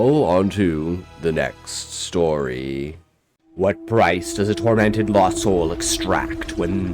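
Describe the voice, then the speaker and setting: Deep, slow-spoken horror narrator, man. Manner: dramatic, intense first-person telling. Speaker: storyteller.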